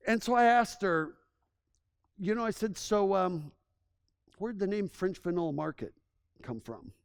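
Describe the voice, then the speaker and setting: High-voiced, enthusiastic male presenter. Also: gravelly. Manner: enthusiastic, conversational storytelling with frequent restarts. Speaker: tourism consultant presenting to a town. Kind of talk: public presentation.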